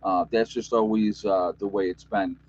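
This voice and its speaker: A man's voice: fairly low pitch, steady tone, normal speed, darkish tone, dry recording, muffled recording. Overtired man with a New York accent. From United States. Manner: rambling, chatty, joking, many fillers. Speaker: YouTube channel host. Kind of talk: casual livestream chat.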